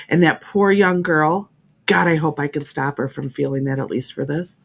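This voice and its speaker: A woman's voice: lowish voice, steady tone, normal speed, creaky. A woman hosting an internet radio talk show, speaking in a heartfelt, emphatic way and often repeating herself.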